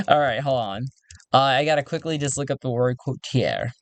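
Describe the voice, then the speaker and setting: A man thinking aloud as he plays a solo tabletop game, chatty and quick to laugh. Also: mid-range voice, dry recording.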